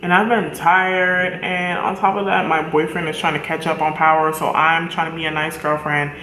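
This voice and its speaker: A chatty woman beauty vlogger talks her viewers through a makeup tutorial with a bright, forward tone. She is upbeat and casual and speaks straight to her audience. Her voice rings in an echoey room. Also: low voice, flat delivery, moderate pace. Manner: chatty and enthusiastic, addresses viewers directly.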